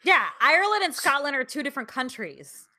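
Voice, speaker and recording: A woman's voice: high-pitched, sing-song, a little fast, bright, forceful tone. A woman co-hosting a casual podcast chat who swears freely and laughs often. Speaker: podcast co-host.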